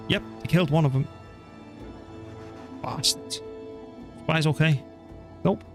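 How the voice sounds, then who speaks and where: A man's voice: mid-range voice, a bit bright. A man, casually talking through a strategy game he is playing and muttering to himself as he goes. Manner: chatty, muttering to himself, mild swearing. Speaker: streamer. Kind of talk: casual gameplay commentary.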